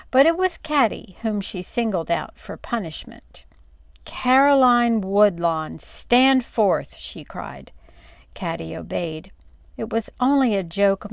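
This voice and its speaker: An older woman reading a storybook aloud expressively, dropping low and soft on the narration tags. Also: vocal fry, no echo.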